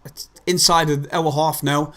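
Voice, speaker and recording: A young man calls a football match live for his fan stream, and he swears freely as his frustration spills over. His voice sits a little high for a man. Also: little pitch movement, a little slow. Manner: swears heavily, shouts in frustration. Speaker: fan livestream host. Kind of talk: live match reaction commentary.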